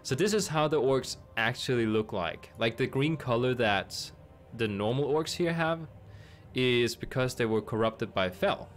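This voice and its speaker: A man's voice: mid-range voice, lively intonation, unhurried, soft background music. A man streaming a game, chatting casually and thinking aloud with amused asides. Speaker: gaming streamer.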